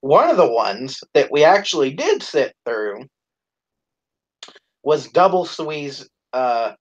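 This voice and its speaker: A man co-hosting a live stream, telling a profane, animated story in casual chat. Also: on the high side, takes it slowly, highs cut off.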